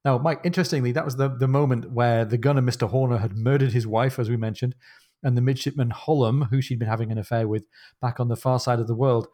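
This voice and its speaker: A man's voice: mid-range voice, steady tone, fast talker, mellow. A man co-hosting a podcast who talks through a novel with wry, thoughtful comments. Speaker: podcast co-host. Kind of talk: casual book discussion.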